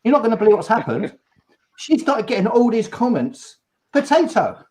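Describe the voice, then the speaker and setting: A man's voice: high-pitched, sing-song, fairly quick, a little mellow. A man hosting a live online chat, upbeat and reading out viewer comments. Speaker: host of a live cruise chat. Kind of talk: casual live-stream chat.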